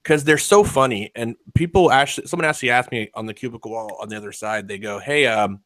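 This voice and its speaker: A man's voice: medium pitch, fast talker, a bit bright, no echo. Guy hosting a podcast, swears a lot, laughs a lot, dry close sound. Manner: profane, laughing, rambling. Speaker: podcast host. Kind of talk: casual chat.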